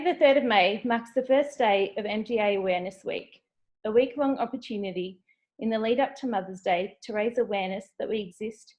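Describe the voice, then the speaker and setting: A woman from Australia with an Australian accent, co-founder and host, giving a warm, measured welcome speech over a video call. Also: a little high, dull audio. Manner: warm, measured formal address.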